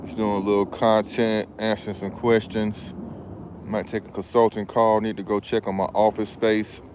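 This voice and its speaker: A man's voice: lowish voice, level tone, moderate pace, a little mellow, slight background noise. A man who is a business credit consultant, talking in a casual, slangy, rambling way while vlogging outdoors. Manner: laid-back, slangy, rambling delivery. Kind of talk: casual outdoor vlog chat. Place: outdoors in a backyard hammock. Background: faint outdoor ambience with passing planes.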